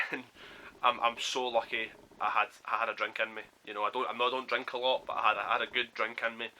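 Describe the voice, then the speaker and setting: A young man tells a story to his camera at home. His voice is strikingly bright and his pitch sits in a middle range. He acts out what each person in the story said. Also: quick pace, a little hiss or hum, poor audio. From Scotland. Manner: animated storyteller who acts out quoted lines. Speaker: vlogger. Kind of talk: storytelling vlog.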